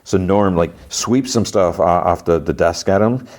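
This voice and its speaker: A man's voice: sits low, measured pace, a little mellow. A male podcast host recapping a TV episode in a chatty way, full of fillers, acting out the dialogue.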